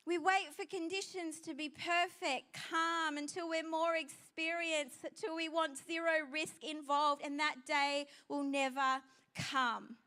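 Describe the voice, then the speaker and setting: A woman's voice: high voice, little pitch movement, unhurried, sharp tone. A woman pastor preaching a sermon to a congregation, emphatic and repeating her key phrases. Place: church service with a live congregation.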